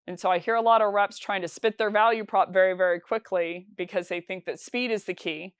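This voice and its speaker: A woman's voice: mid-range voice, fairly even intonation, a little fast, clean tone, dry recording, clean studio sound. A woman teaching sales calls in a conversational, instructional talk, with frequent fillers and restarts. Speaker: sales trainer.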